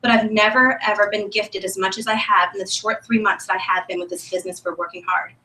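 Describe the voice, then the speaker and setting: A woman giving an enthusiastic, emotional testimony speech at a sales meeting, chatty and animated. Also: medium pitch, quick pace. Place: meeting room, on a stage. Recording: echoey room from a distant mic.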